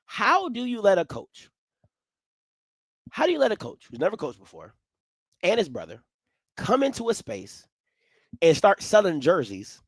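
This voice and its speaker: A man hosting a live sports talk stream, swinging from low musing to loud, animated ranting. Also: normal speed, long pauses, slightly rough, dry recording. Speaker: sports commentary host.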